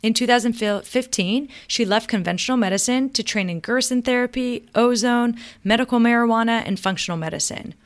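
A woman's voice: on the high side, a little fast, hardly any pauses. A woman hosting a podcast, enthusiastic and laughing often in casual conversation. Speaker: podcast host, naturopathic doctor. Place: medical center room.

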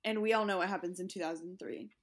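A woman's voice: lowish voice, fairly even intonation, fast talker. A woman co-hosting a casual chat, rambling through a made-up story with frequent laughter. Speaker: podcast co-host.

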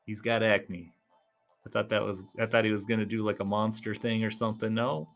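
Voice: a little fast, faint music behind. A vlogger giving casual play-by-play commentary at a live event, chatty and laughing often. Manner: chatty, laughs often, lively swings in pitch. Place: at a live arm-wrestling event.

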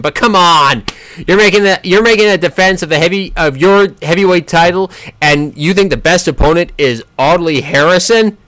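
A man giving casual solo boxing commentary, sarcastic and animated, often stumbling and restarting his sentences. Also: a little high, no room sound.

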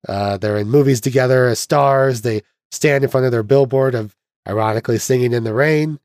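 A man's voice: medium pitch, a little fast, darkish tone, dry recording, clean studio sound. A young man hosting a podcast, casually retelling a film's plot with chuckles and mock voices. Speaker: podcast host. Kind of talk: casual film recap chat.

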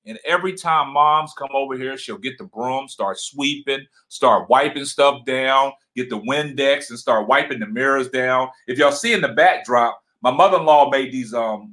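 A man with a deep voice, loud and passionate, casually chatting as co-host of a livestream from his home. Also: normal speed.

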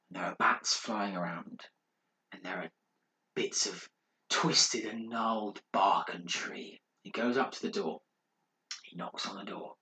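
A man on a podcast telling a ghost story in a dramatic, hushed way, building suspense. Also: lowish voice. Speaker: podcast co-host. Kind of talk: casual storytelling. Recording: roomy echo.

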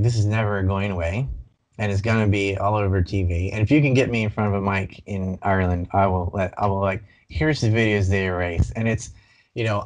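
A man guest in a casual interview, telling his story in an animated, rambling way with many restarts. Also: lowish voice. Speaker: banned video creator.

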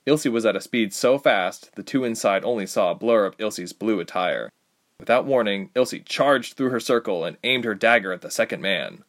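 A man narrating a fantasy audiobook with expressive storytelling. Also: on the low side, moderate pace. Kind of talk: scripted narration.

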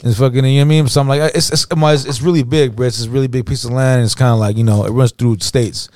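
A man's voice: mid-range voice, steady tone, quick pace, a little mellow, dry recording. Slangy storytelling man, dry mic. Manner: slangy, profane, repeats "you know what I mean". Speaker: podcast co-host. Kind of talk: casual storytelling chat.

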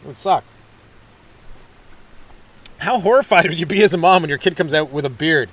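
A man's voice: on the high side, moderate pace, a bit bright. A man hosting a comedy podcast, rambling through a self-deprecating, hyperactive stand-up monologue. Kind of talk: stand-up style comic monologue.

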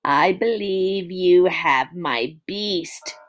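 A woman voicing a cold, creepy ghost girl in a spooky story she reads aloud, dropping her voice low and slowing down. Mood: menacing.

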